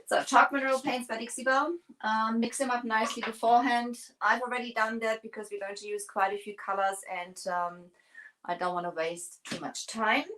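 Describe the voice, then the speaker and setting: A woman's voice: on the high side, steady tone, a little fast, pushed and bright, slight background noise, low-quality recording. A woman hosting a livestream, chatting casually and rambling with many fillers while she paints furniture.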